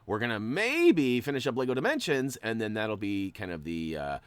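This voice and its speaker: Male gameplay host, low voice, chatty and playful, big swings in tone. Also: moderate pace, clear, resonant tone, no echo. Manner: chatty and playful, jumps up in excitement. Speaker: gaming channel host. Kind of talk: casual gameplay commentary.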